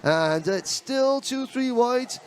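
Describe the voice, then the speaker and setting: A man giving live kart race commentary, chatty and excitable, breaking into rapid bursts as the action heats up. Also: extremely high pitch, faint music behind.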